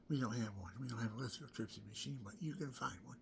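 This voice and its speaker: A man in his sixties telling a rambling personal story, drifting between whispered asides and loud exclamations. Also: mid-range voice, fast, vocal fry, hardly any pauses, noisy background. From Pennsylvania, USA. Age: 60s.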